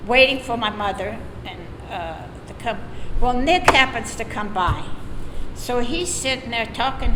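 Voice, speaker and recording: A woman's voice: fairly high pitch, a little slow. Older woman telling stories, echoey hall. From Florida. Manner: lively, laughs often while telling stories. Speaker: oral history storyteller. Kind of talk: casual storytelling. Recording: echoey hall, noisy room.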